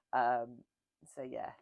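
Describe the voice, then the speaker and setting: A woman's voice: extremely low pitch, creaky, a little mellow, dry recording. A woman hosting a book channel, chatting casually and self-mockingly through a Q&A. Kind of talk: casual Q&A chat.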